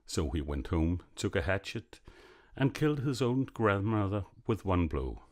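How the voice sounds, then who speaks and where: A man narrating a classic fairy tale in a measured, expressive reading. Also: sits low. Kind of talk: storybook narration.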